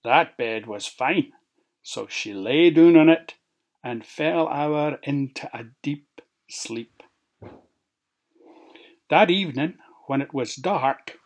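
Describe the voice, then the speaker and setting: A storyteller with a Scots accent, reading a fairy tale aloud with lively expression. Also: mid-range voice, breathy edge. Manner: expressive, lilting, slow.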